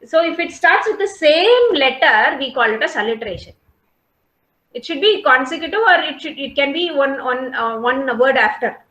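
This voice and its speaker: A woman's voice: sits high, lively intonation, moderate pace, fairly bright tone, roomy sound, poor audio. A woman, giving an online class as a college lecturer, explaining patiently and often checking "okay?". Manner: explains patiently, repeats points, asks "okay?" and "got it?" often. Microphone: video call.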